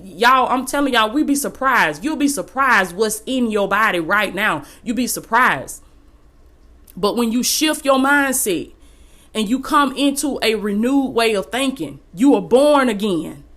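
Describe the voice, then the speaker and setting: A woman's voice: on the high side, expressive, unhurried, a bit bright. A woman hosting a podcast, giving a motivational faith-based talk in a folksy, preachy way, repeating phrases for emphasis and calling listeners y'all. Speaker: podcast host and life coach.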